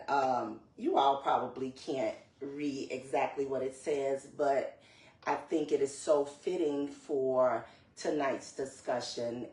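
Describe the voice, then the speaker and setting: A woman's voice: rumbling low, a little mellow. A woman hosting a live podcast stream, greeting viewers by name in an upbeat, chatty way. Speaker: podcast host. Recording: roomy echo, voice far from the mic.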